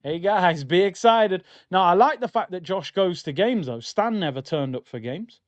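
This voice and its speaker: A man's voice: high voice, very animated, moderate pace, lo-fi sound. A young man hosting a live football watchalong, talking in slangy, exasperated banter about the match.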